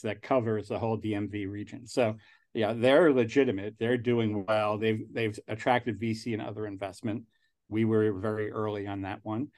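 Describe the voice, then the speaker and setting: A man's voice: on the low side, a little mellow. A man in his sixties with a New York accent, a guest talking casually in an interview and rambling with frequent restarts. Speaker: angel investor guest.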